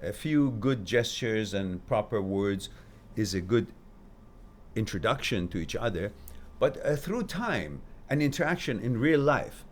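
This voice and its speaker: A man hosting a live stream, telling stories and giving advice in a casual, animated way, jumping from loud emphasis to quiet asides. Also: fairly low pitch, a little slow, a little hiss or hum.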